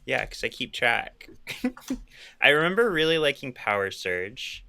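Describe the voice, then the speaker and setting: A man's voice: mid-range voice, huge pitch swings, a little slow, gravelly, sharp tone. A man co-hosting a podcast, chatting casually and giving blunt, joking opinions. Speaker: podcast co-host.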